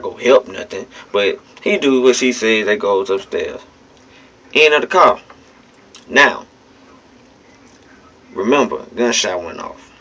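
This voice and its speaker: Recorded on a phone with dull lo-fi quality, this man speaks in a fairly low pitch with a fairly bright tone. As a vlogger, he addresses listeners directly with casual, blunt, emphatic remarks and occasional swearing.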